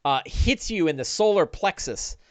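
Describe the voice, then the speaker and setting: A man narrating a one-on-one tabletop game as dungeon master, animated, with quick bursts and restarts. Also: high-pitched, dry recording.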